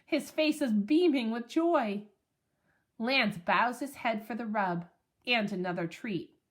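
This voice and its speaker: A woman narrating a children's storybook in an expressive, playful way. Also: a little high, slow. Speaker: audiobook narrator.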